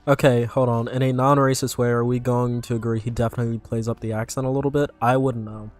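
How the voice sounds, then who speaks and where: A man's voice: mid-range voice, flat delivery, fast talker, soft background music. A young man from North Carolina, streaming and commenting casually in a rambling, filler-heavy way. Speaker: streamer reacting to videos. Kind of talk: casual live-stream chat.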